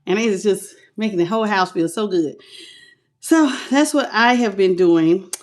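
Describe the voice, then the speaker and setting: A woman's voice: medium pitch, moderate pace. A woman hosting a live tarot reading, greeting viewers by name in a playful, affectionate way, calling them baby and boo, laughing often and stretching out her greetings.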